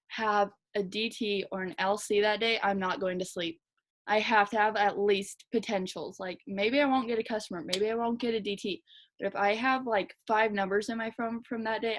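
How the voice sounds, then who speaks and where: A young woman team leader giving a fast, chatty, energetic motivational talk to her team. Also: medium pitch. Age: young adult. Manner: fast, chatty, energetic, lots of "like" and "you guys". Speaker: direct sales team leader.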